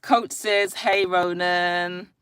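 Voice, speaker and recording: Speaking extremely slowly, this woman has a lowish, smooth, fairly bright voice and a steady tone. She's an adult with kids hosting a laid-back phone live stream, greeting viewers by name and reading comments in free-flowing chat.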